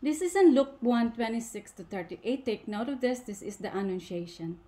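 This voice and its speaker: A woman giving a faith talk to a women's gathering in a deliberate, emphatic way, asking rhetorical questions. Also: on the high side, animated, warm tone. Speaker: speaker at a women's ministry gathering.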